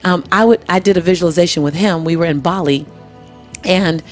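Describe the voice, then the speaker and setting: Earnest woman, low register, motivational interview guest, soft music bed. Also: brisk. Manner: earnest, repeats key phrases for emphasis. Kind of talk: motivational conversation. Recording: music playing underneath.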